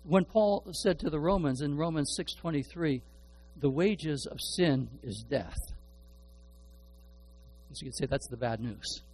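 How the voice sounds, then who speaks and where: A man's voice: on the high side, measured pace, pauses often, a little mellow, slight background noise, low-quality recording. A middle-aged man preaching a sermon, earnest, often repeating and restarting his words. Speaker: pastor.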